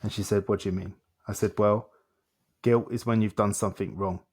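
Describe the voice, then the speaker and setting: A man's voice: fairly low pitch, steady tone, fairly quick, a little mellow, husky. A man, a coach and guest in an interview, telling stories animatedly and acting out dialogue in short repeated phrases. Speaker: self-development coach, guest. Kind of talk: conversational storytelling in a podcast interview.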